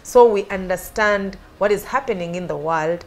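A woman's voice: mid-range voice, normal speed, soft background music. A woman with a Ugandan accent hosting a talk show, asking probing questions. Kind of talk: casual interview chat.

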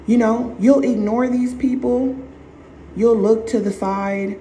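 A woman's voice: a little high, fairly even intonation, takes it slowly, mellow, roomy sound, poor audio. A woman vlogger giving emphatic relationship advice in a blunt, repetitive way, swearing casually.

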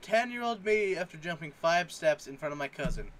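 A man's voice: on the high side, animated, a little fast, a bit bright, a little hiss or hum. A man in casual commentary, reading memes aloud and joking, sometimes putting on mock voices. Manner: jokey, reads captions aloud with mock voices.

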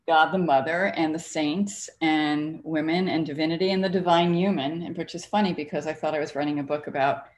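A woman who cartoons and writes, speaking gushingly and tearfully with many pauses in a book talk. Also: lowish voice. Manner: gushing, tearful, hesitant with fillers. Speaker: cartoonist and author.

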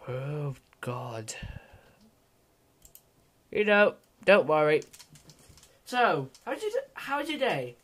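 Brief: male vlogger talking through a game at a very unhurried pace, self-mocking, uneven volume. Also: mid-range voice. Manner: rambling, self-mocking, swings from mumbling to loud outbursts. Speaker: gaming vlogger. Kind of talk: let's-play commentary.

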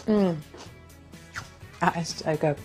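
A woman hosting a cooking show, chatting enthusiastically as she cooks and then asking quick-fire interview questions. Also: fairly low pitch, a little mellow, soft background music.

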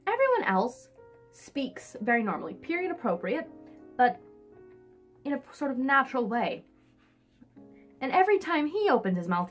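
A woman's voice: medium pitch, very animated, fairly quick, soft background music. A woman reading a romance novel aloud on her vlog and breaking off for wry, sarcastic asides. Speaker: book vlogger.

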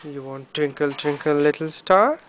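In a deep voice at normal speed, a mother talks baby talk while encouraging her baby to pick picture books, singing her words and imitating animals. Background noise can be heard.

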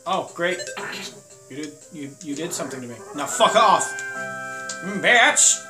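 Crude joking young man, high voice. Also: lively intonation, a little slow, echoey room, low-quality recording. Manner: crude, joking, reads shop dialogue in silly voices. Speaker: gameplay commentator. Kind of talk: casual gameplay commentary. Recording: game music behind the voice.

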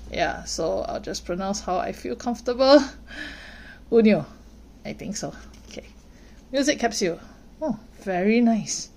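Slow, soft-spoken woman unboxing toys. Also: on the high side. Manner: slow, gentle, delighted comments on each figure. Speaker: toy unboxing host. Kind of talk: unboxing narration, soft ASMR-like. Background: plastic crinkling and clicks from handling toys.

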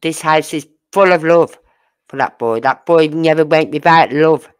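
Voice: medium pitch, normal speed, clear, resonant tone. A true crime channel host giving casual commentary, asking sarcastic rhetorical questions and using blunt, crude slang.

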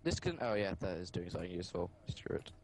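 A man with a lowish voice talks fast and upbeat about his next moves in a strategy game. Faint background hiss and mouse clicks are audible. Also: sing-song. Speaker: co-player in a let's play. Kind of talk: casual chat over gameplay.

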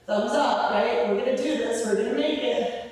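Slightly high and darkish in tone, a young female physical therapist's voice guides a home floor workout at normal speed. She's a bit out of breath as she encourages, counts each rep and reminds people when to breathe. She sounds distant from the mic in an echoing hall.

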